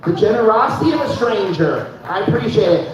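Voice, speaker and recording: Man doing stand-up, high and echoey. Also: very animated, brisk, background noise. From Fargo, North Dakota. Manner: casual, says "dude" constantly, laughs at own jokes. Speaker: stand-up comedian. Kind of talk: stand-up comedy set. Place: live comedy show in a room. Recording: echoey room, mic heard from far, dull.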